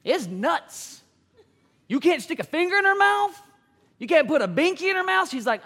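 A man, preaching a sermon with emphatic, animated delivery and acted-out quotes. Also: very high-pitched, measured pace, pauses often. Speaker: pastor.

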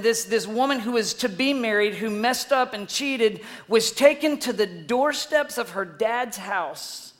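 A preacher telling a story in an energetic sermon, swinging between loud bursts and hushed asides and asking the listeners questions. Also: medium pitch.

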